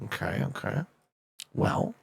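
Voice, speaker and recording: A man streaming a game, casually reading viewer chat aloud and joking as he answers, from Canada. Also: slow. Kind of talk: casual live-stream chat while gaming.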